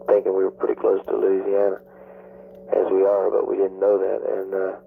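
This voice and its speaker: A man answering interview questions in a calm, measured way. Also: low voice, gravelly. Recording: phone-like old recording with faint hum.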